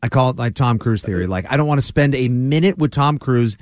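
A man's voice: mid-range voice, fairly quick, no room sound, studio quality. A man, co-hosting a casual sports podcast and rambling with lots of fillers. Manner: rambling, animated, full of fillers. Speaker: podcast co-host.

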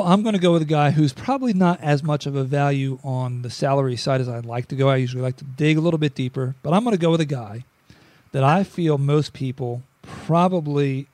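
A man's voice: mid-range voice, dark tone, no room sound. A man co-hosting a casual sports podcast, chatty and joking, often restarting his sentences. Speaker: podcast co-host.

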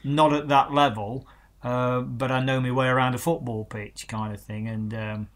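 A man's voice: mid-range voice, little pitch movement, normal speed, fairly bright tone, a little hiss or hum. A man interviewing a guest in casual chat, sharing reflective, rambling anecdotes.

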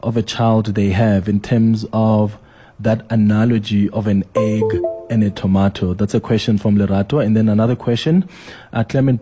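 A man hosting a radio show, calmly reading listener questions aloud. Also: lowish voice, husky.

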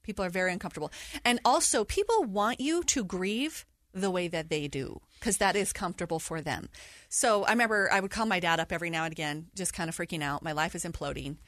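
A middle-aged woman telling a personal story in an interview, animated and laughing through hard memories. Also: lowish voice, fast talker, dry recording, studio quality. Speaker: guest sharing her story. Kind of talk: candid interview conversation.

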